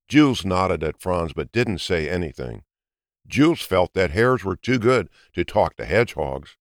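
A man reading a children's story aloud in an expressive, lilting way. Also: low-pitched, unhurried, dry recording, clean studio sound. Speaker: narrator. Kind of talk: storybook narration.

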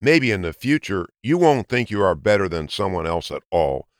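A cheerful, helpful hedgehog sister, as a man puts her on, eager and bright. Her voice stays close to the narrator's own and sounds dry and close. She is a storybook character. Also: low-pitched, sing-song, moderate pace, no echo.

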